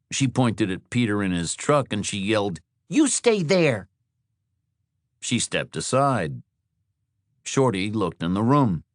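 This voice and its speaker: A man narrating an audiobook thriller in a measured, descriptive storytelling style. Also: fairly low pitch, no room sound, studio quality. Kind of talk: scripted narration.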